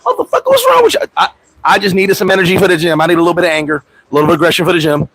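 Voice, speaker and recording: A man's voice: fairly high pitch, flat delivery, racing, a bit bright, no room sound, low-quality recording. A man hosting a casual livestream, talking in loose street slang, laughing often and acting out little scenes in other voices. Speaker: expat vlogger and livestream host.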